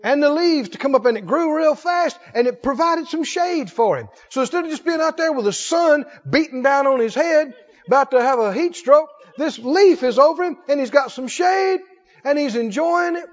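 A man preaching a sermon, folksy and animated, swinging from loud calls to low asides. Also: moderate pace. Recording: dull sound with long hall reverb.

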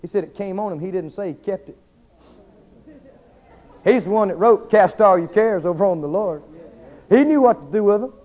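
A man preaching a sermon, swinging between shouted declarations and quiet asides. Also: sits high, normal speed, long pauses. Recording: dull lo-fi sermon recording.

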